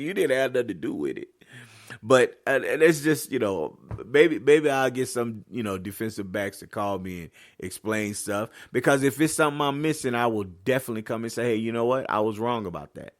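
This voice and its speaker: A man hosting a casual solo sports podcast, talking bluntly and swearing freely, slipping into quick quoted voices. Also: mid-range voice, no room sound, studio quality. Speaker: podcast host.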